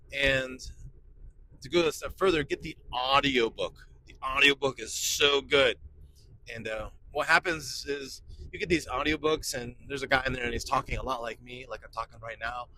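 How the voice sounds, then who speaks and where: A man's voice: mid-range voice, pushed and bright, a little hiss or hum, low-quality recording. A man in his forties, a pastor, giving casual podcast talk in an enthusiastic, emphatic way and repeating key phrases. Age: 40s.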